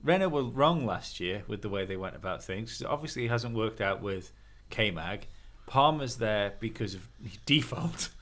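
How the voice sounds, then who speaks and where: A man's voice: fairly low pitch, animated, normal speed, few pauses, a bit bright. A man co-hosting a casual motorsport chat podcast, joking and blunt, swearing now and then. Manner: joking, swears, does silly voices. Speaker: podcast co-host.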